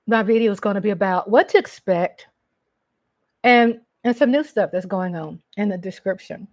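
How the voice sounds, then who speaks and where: A woman's voice: mid-range voice, no room sound. A middle-aged woman from Texas with a Texan accent, chatting casually with viewers on a live stream at home and greeting them by name.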